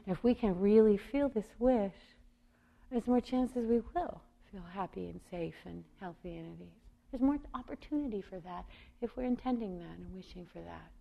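A woman meditation teacher giving a gentle, reflective talk on loving-kindness practice, thinking aloud as she explains. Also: mid-range voice, normal speed, gravelly, muffled recording.

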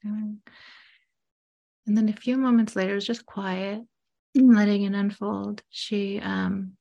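A woman telling a reflective story about guiding someone, hesitant with many pauses, dropping to a whisper when she quotes. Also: medium pitch, level tone, vocal fry, warm tone, dull audio. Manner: drops to a whisper when quoting.

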